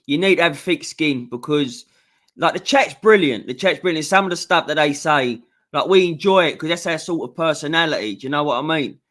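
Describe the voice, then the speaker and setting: A man's voice: a little high, a little fast, a bit bright. A man co-hosting a casual football chat, rambling and chatty with lots of filler. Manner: chatty, rambling, laughs a lot. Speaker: co-host.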